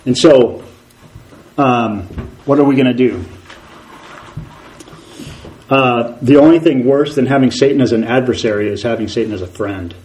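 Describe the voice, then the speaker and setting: Animated male preacher delivering a sermon. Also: mid-range voice, moderate pace, pauses often, poor audio. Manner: animated, rhetorical questions, acts out quoted voices.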